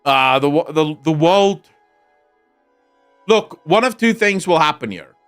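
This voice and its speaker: A man's voice: fairly high pitch, lively intonation, measured pace, fairly bright tone, clean tone, faint music behind. A young man with a South African accent, chatting casually and crudely on a live stream, joking and swearing as he reacts to chat. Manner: sardonic, joking, frequent laughter and swearing.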